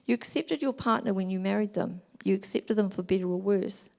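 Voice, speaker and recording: A middle-aged woman giving a talk at a church family weekend, explaining gently and acting out examples. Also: mid-range voice, a little fast, creaky. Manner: gentle, explanatory, acts out examples in quoted voices.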